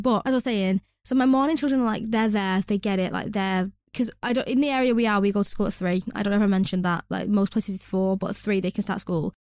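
A woman's voice: medium pitch, fairly even intonation, fast, hardly any pauses, darkish tone, no room sound, studio quality. A young woman hosting a podcast, chatting casually with rambling asides and self-mocking restarts. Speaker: podcast host. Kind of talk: casual chat.

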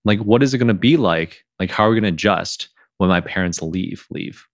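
A man hosting a podcast in casual conversation, who reenacts his own past lines in a livelier, higher voice. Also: brisk, no echo, clean studio sound. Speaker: podcast host.

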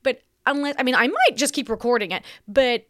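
A woman's voice: high voice, sing-song, fairly quick, a bit bright, no room sound, studio quality. A woman from Australia with an accent that drifts between Australian and American, hosting a rambling, dramatic, self-mocking podcast monologue from home. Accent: Australian mixed with American. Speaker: podcast host. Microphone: studio microphone.

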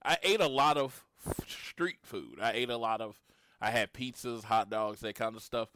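A man in his late thirties from Oklahoma, chatting casually as a podcast co-host and retelling his encounters with lively storytelling. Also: medium pitch, normal speed, noisy background. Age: 30s. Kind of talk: casual chat.

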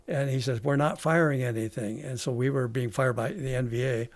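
A man, a veteran guest on a podcast, telling a long story in a halting way with many restarts. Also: mid-range voice, no room sound. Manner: halting, with frequent restarts and fillers. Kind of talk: casual storytelling interview.

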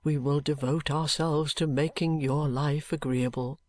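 A narrator voicing a meek, dutiful young man who pleads softly and hesitantly with his father. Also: medium pitch, steady tone, measured pace, no echo, natural voice. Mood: pleading. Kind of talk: audiobook character reading.

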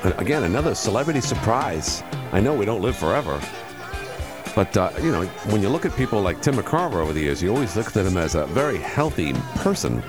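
A man's voice: on the low side, sing-song, a little fast, music in the background. A middle-aged man hosting a talk radio show, rambling casually with many fillers and restarts.

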